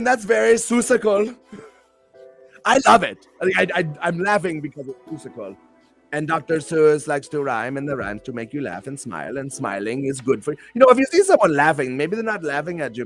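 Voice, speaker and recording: A male host and pro wrestler chatting on a live stream show in a hyped, rambling, playful way. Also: on the high side.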